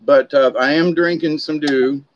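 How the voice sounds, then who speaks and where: A middle-aged vlogger from Florida, USA, rambles through stories in a chatty, casual monologue, drifting onto tangents. His voice is a little high and steady, at a measured pace, on a slightly dull, dry recording with a bit of hiss or hum.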